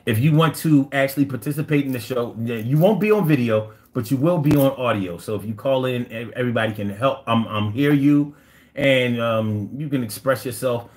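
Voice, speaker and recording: New guy hosting a live stream, loose and slangy, mid-pitched voice. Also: fairly quick, darkish tone. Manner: loose, playful, reads chat aloud, slangy. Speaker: livestream talk show host. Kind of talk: casual live call-in stream chat.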